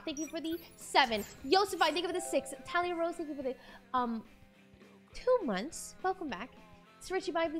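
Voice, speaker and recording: A young woman streamer chatting casually from her room at home, bubbly and chatty as she thanks viewers by name. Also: high-pitched. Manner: bubbly, chatty, reads viewer names aloud. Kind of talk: casual live-stream chat.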